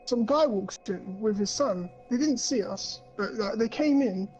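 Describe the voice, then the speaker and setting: High voiced guy, young, rambly swearing storyteller, mellow tone, kinda dull lo-fi sound, faint music behind. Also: unhurried. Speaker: podcast co-host. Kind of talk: casual chat.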